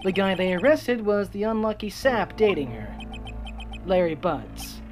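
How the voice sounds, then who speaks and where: A woman's voice: medium pitch, sing-song, measured pace. A woman voicing a nervous young male rookie lawyer in a game, speaking earnestly. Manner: earnest, slightly unsure.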